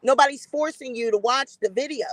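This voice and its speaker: A woman's voice: sits high, a little fast, dry recording, rough recording. A woman hosting a live-stream gossip commentary, blunt and defiant, swearing freely and greeting chat viewers by name.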